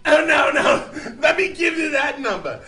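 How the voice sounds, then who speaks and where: A man playing a shrill, cackling, insulting evil clown who hosts a live call-in show. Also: sing-song, moderate pace, pushed and bright, roomy sound, soft background music, full character voice. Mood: taunting. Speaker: host.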